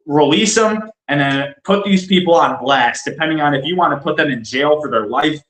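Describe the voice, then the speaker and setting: Guy ranting on a podcast, blunt and repetitive, kinda high voice. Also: normal speed, a bit bright. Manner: blunt, emphatic, repeats himself. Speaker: podcast co-host. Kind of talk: casual political discussion. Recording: roomy echo.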